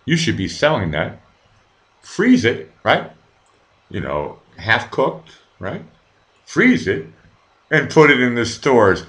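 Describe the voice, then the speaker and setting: A man's voice: fairly low pitch, wildly swooping pitch, measured pace, a bit bright. A middle-aged man hosting a live stream, rambling casually, swearing freely and reading viewers' chat aloud with many fillers and restarts. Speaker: livestream host.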